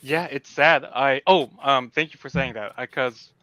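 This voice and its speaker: A man's voice: mid-range voice, moderate pace, pushed and bright, muffled recording. A man co-hosting a podcast, talking earnestly and animatedly about a film, often restarting his sentences. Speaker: podcast co-host. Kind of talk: casual film discussion.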